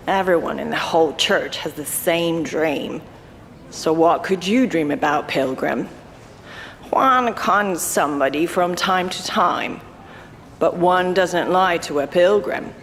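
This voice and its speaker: An actor playing a stern old grandmother in an audio drama, hoarse and slow, telling a story. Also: medium pitch, a bit bright. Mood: calm. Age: older. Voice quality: hoarse, gravelly. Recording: echoey hall with background noise.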